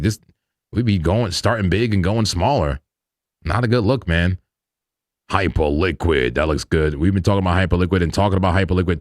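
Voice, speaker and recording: A man's voice: deep voice, dry recording, studio quality. Chatty, laughing crypto stream host man. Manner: loose and chatty, laughs often, slangy. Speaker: crypto trading livestream host. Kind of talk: casual live market commentary.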